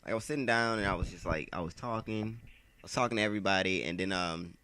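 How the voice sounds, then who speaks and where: A man's voice: sits low, fast, pushed and bright, clean tone, dry recording. A man casually telling a long story over gameplay in a slangy, rambling way, swearing often and filling his sentences with "like.".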